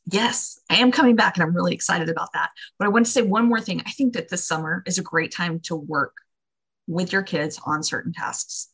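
Woman guest, low husky voice, earnest and encouraging, casual. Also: fairly quick, a bit bright. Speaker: podcast guest. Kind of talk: casual chat.

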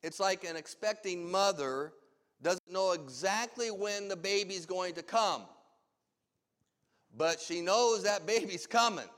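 A man's voice: high-pitched, a little slow, fairly bright tone. A man preaching a sermon as pastor, emphatic and full of rhetorical questions. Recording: long hall reverb.

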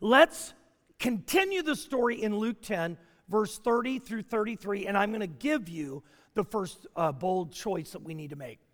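A man with a very high voice preaches to his congregation. He asks question after question and his pitch swings widely as he builds his points. His words ring out with a long reverb, as in a big church hall. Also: a little slow. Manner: animated preaching with rhetorical questions. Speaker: pastor. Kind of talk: sermon.

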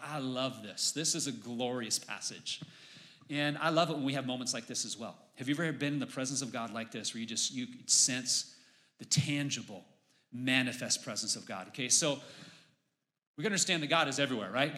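A pastor preaching a sermon in church, building to emphatic, raised exclamations on key points. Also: male voice, medium pitch, pushed and bright.

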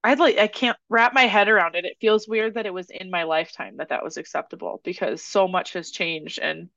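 A woman's voice: lowish voice, fairly quick, vocal fry, a bit bright, no room sound. A woman co-hosting a podcast in casual chat, wry and sarcastic, often laughing between remarks. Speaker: podcast co-host. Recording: dry, dull lo-fi mic.

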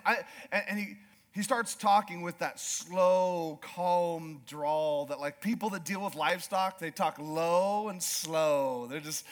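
A middle-aged man from Alaska, a pastor preaching a sermon through an animated personal story, sometimes mimicking slow drawling voices. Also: high-pitched.

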